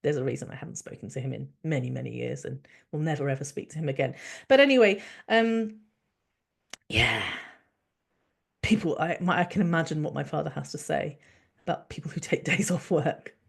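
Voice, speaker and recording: A woman's voice: low-pitched, big pitch swings, fairly quick, gravelly, husky. Furious sweary woman ranting. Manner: angry, sweary and sarcastic. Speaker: podcast host. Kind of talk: solo podcast rant.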